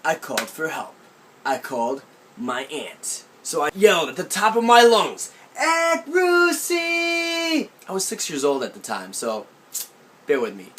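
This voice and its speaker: A man's voice: medium pitch, a little hiss or hum. A young man vlogging from his aunt's country house, telling a childhood story with a playful, mock-serious delivery. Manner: animated, playful deadpan storytelling. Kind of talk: comic storytelling vlog.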